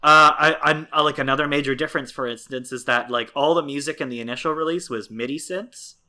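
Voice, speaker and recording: Man, podcast co-host, bright tone, casual chat, rambling with lots of fillers. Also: on the high side, quick pace. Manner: rambling, many fillers and restarts.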